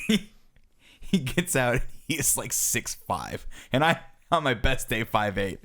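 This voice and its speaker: A man's voice: mid-range voice, sing-song, measured pace, fairly bright tone. A man in his thirties, a podcast co-host, telling a self-mocking story in casual chat. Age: 30s.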